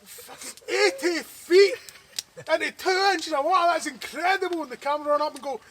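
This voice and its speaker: A man telling a crude joke around an outdoor camp in a slow, drawn-out, punchline-driven way. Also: very high voice, a bit bright, a little hiss or hum. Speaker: camping friend. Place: outdoor woodland camp in rain.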